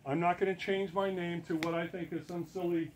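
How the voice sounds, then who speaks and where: A man's voice: sits high, level tone, a little fast, a little hiss or hum. A man giving a talk to an audience, earnest and emphatic, repeating words for stress. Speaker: presenter.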